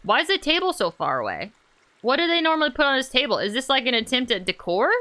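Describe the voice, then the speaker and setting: A woman's voice: high voice, quick pace. A woman streamer giving playful, jokey commentary while she plays a game. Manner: playful and animated, jokey asides. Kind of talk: casual let's-play commentary.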